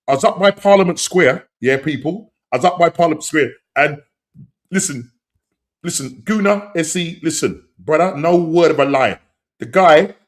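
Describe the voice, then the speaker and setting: A man hosting a football podcast, talking in animated, slang-heavy banter and laughing often. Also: fairly high pitch. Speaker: podcast host.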